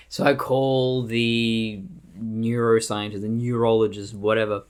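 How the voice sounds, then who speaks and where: An Australian woman telling a personal story on her vlog in a blunt, profane, animated way. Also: very deep voice, unhurried. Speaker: vlogger.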